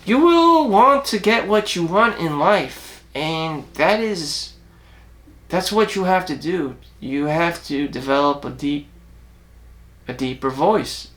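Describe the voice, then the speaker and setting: A man with a raspy voice talking through a rambling self-reflective monologue, blunt and profane, halting with frequent restarts. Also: fairly high pitch, lively intonation, fairly bright tone. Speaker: self-help vlogger.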